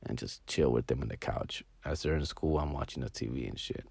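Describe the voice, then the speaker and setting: A middle-aged man telling casual stories, slangy and animated, mixing in Spanish words and dropping to hushed mumbles. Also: a bass voice, fairly quick, creaky, breathy edge, no room sound. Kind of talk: casual storytelling monologue.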